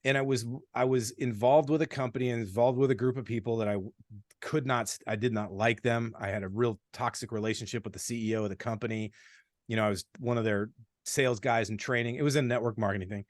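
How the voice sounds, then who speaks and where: A man in his forties, a podcast guest, telling stories in a blunt, animated way with plenty of swearing. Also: mid-range voice, fast talker, no echo, clean studio sound. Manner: blunt, profane, animated storytelling. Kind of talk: casual storytelling.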